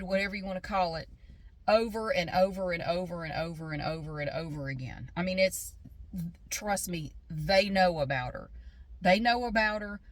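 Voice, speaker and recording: A woman's voice: medium pitch, no room sound. A middle-aged woman talks from her parked car in a loose, rambling vlog voice. She wanders off topic, pokes fun at herself and keeps the story moving. Faint car sounds sit behind her. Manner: rambling, chatty, self-deprecating storytelling. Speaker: vlogger. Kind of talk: casual chat vlog.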